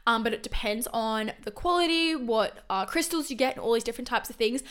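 A young woman, in her early twenties, talks through a solo podcast episode. Her voice sits a little high, and she rattles along quickly, full of fillers and quick self-corrections. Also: animated, a bit bright, smooth. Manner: chatty and fast, with frequent self-corrections and fillers. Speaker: podcast host. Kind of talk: casual solo podcast monologue.

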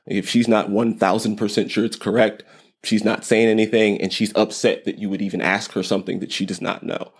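Man, low-pitched, gravelly, podcast host, rambling parenting talk, dry humor. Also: flat delivery, brisk. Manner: rambling, repeats words, light self-deprecating humor. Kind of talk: casual parenting advice monologue.

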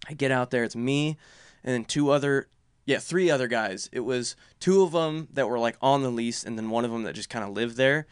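A man's voice: mid-range voice, a little fast, clean tone, no echo, clean studio sound. Swearing young man telling a party story. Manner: swears a lot, laughs while telling stories, acts out quotes. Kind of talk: casual chat, crude storytelling.

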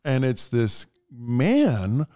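A man co-hosting a podcast, telling a story in casual chat, animated and swearing freely. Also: extremely slow, no echo, clean studio sound. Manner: animated, swears freely, acts out voices with big pitch jumps. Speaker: podcast co-host.

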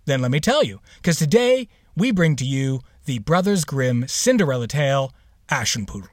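A man's voice: mid-range voice, no echo, studio quality. A man hosting a podcast, introducing the episode in a casual, playful way with sarcastic asides. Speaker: podcast host.

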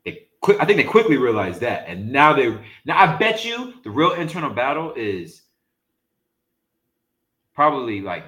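Animated man in an echoey room. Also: mid-range voice, moderate pace. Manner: animated, emphatic, searching for words. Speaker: podcast co-host. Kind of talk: casual sports chat.

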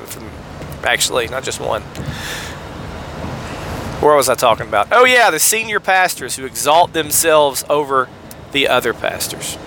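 Podcast host, fiery and sarcastic, rambles off on tangents, higher-pitched crisp voice, faint road noise behind him. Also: male voice, pushed and bright. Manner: fired-up, sarcastic, rambling asides. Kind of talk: podcast commentary on scripture.

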